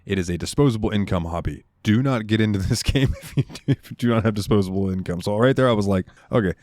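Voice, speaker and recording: A young man co-hosts a gaming podcast, telling stories in a loose, rambling, casual way packed with ums, likes and other fillers. His lowish, slightly mellow voice moves fast, captured in a dry, clean studio recording.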